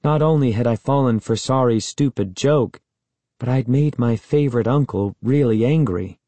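A man's voice: medium pitch, normal speed, dark tone, dry recording. A man narrating a children's story in first person, as a sulky, bitter boy. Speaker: audiobook narrator.

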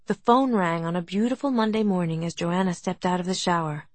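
A woman narrates a novel in a soft, gentle reading voice. Her tone sits low and a little husky. The recording is close and dry, with no room sound. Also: a little fast, no room sound. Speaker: audiobook narrator. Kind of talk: scripted narration.

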